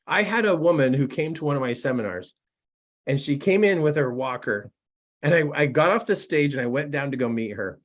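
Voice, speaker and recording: A middle-aged man, a personal development coach, telling stories and giving a motivational talk in an excitable, animated way. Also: sits high, husky. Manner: animated and excitable, laughs at his own stories. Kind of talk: storytelling to camera, motivational talk.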